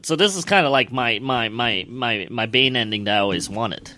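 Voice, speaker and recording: Man, podcast co-host, bright forward tone, relaxed anecdotes. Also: mid-range voice, moderate pace, slight background noise. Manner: relaxed storyteller, repeats words. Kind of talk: casual chat.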